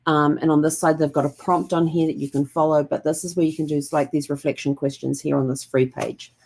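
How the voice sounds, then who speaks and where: A woman with a notably low voice hosts a reflective vlog. She talks gently and calmly, wandering through her thoughts with plenty of ums. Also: a little fast. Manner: gentle and calm, rambling with many fillers. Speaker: host.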